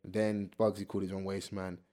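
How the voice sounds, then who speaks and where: A young man, co-hosting a casual chat and talking in lively, slang-filled bursts. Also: low-pitched, fast. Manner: animated, slangy, talks over his co-host. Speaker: podcast co-host. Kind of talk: casual chat about UK rap beefs.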